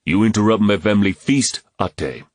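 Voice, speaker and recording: Guy doing a stern old chief in an audiobook, commanding and slow, dry close sound. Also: lowish voice, dry recording, voice pushed up, natural voice. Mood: menacing. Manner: commanding, measured. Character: proud, menacing older male village chief.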